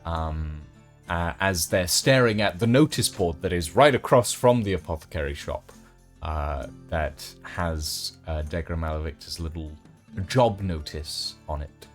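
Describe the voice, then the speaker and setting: A man runs a tabletop game as game master, narrating slowly with many ums and uhs. His voice sits fairly low. Faint guitar music plays behind him. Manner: unhurried, full of ums and uhs.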